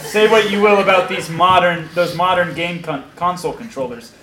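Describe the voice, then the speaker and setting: A man's voice: high voice, reverberant. A young man narrating his own story in a comic audio drama, sardonic and crude, often chuckling. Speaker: narrator and lead actor.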